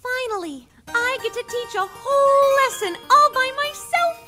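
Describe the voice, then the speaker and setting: A woman's voice: extremely high pitch, expressive, normal speed. An actress voicing an earnest female puppet schoolteacher in a stage musical song. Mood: cheerful. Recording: song clip with loud music.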